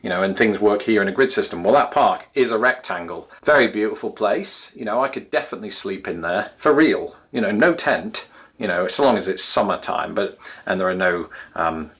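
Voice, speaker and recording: Low-voiced English man reminiscing. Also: lively intonation, normal speed, a bit bright, breathy edge. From England. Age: 30s. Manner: wry, self-deprecating, chatty. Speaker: YouTube host. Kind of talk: casual reminiscing monologue.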